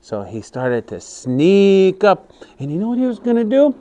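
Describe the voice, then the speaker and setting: Animated male storyteller for children. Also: high-pitched, normal speed, lo-fi sound. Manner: animated, asks the children questions. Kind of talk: telling a story to a children's class.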